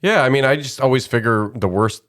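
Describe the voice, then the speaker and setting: A man's voice: mid-range voice, brisk, fairly bright tone, dry recording, clean studio sound. A man hosting a podcast, chatting in an easygoing way. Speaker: podcast host. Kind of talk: casual chat.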